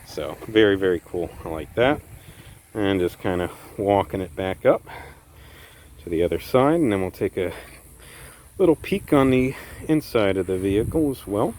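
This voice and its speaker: A man giving a casual walkaround review of his own car, relaxed and enthusiastic, often doubling words. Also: lowish voice, normal speed, pauses often, slight background noise, poor audio. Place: outdoors beside a parked car.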